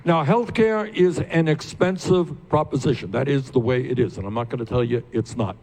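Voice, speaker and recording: A man's voice: mid-range voice, moderate pace, a little mellow, slight background noise. An older man speaking at a town hall meeting, emphatic, asking the crowd questions and building to passionate peaks. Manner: addresses the crowd directly with questions. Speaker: candidate hosting a town hall.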